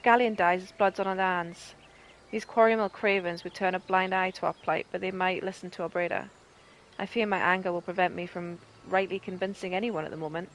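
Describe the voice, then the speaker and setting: A woman's voice: on the low side, steady tone, a little fast, a little hiss or hum, natural voice, low-quality recording. A Northern English woman voicing a proud, angry male resistance captain, reading his lines with bitter force.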